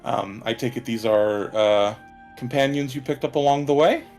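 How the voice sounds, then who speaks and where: A gentle, motherly old half-elf woman , as a man puts her on in a tabletop game. She speaks softly and welcomingly, with halting fillers. Faint music plays behind. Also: mid-range voice, lightly acted.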